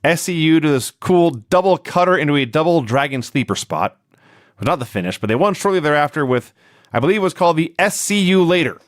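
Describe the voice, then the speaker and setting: A man's voice: brisk, dry recording, clean studio sound. A man co-hosting a podcast, giving a wry, laughing recap of a wrestling show in casual chat. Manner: wry, laughing recap with lively swings in pitch.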